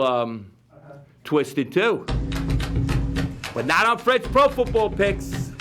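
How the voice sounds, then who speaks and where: A man with a New York accent hosting a live local-TV football picks show, rambling and jokey with sudden bursts of excitement. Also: high voice, vocal fry. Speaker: TV host. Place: community TV studio.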